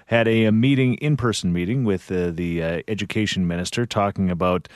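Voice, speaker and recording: A man hosting a morning radio show, running through news and chatting in an easygoing way with frequent filler pauses. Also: sits low, no echo, studio quality. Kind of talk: casual radio banter and news rundown.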